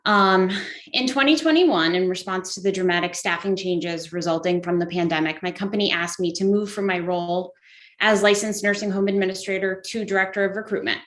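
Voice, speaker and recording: A woman's voice: medium pitch, a little fast, fairly bright tone, roomy sound. A woman giving prepared testimony at a hearing, formal with frequent fillers. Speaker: nursing home recruitment director testifying.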